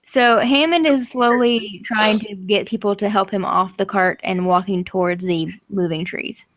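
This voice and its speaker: A woman narrating as game master of a tabletop role-playing game, casual and quick to laugh. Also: mid-range voice, background noise.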